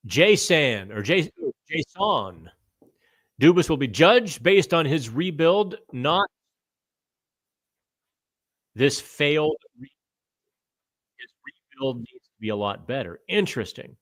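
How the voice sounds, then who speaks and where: A middle-aged man hosting a live hockey chat, answering viewer comments in a loose, thinking-out-loud way and stumbling over names now and then. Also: a little high, lively intonation, unhurried, pauses often, dry recording. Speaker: hockey podcast host.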